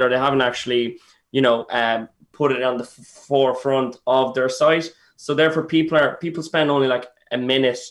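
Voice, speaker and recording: A man, a web developer explaining search ads and website checks in a steady, businesslike way. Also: medium pitch.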